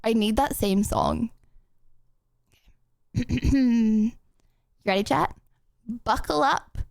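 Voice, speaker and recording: A woman's voice: on the high side, drawn-out words, gravelly, darkish tone, dry recording, clean studio sound. A young woman streaming live, chatting casually and giggling with her chat, a little out of breath.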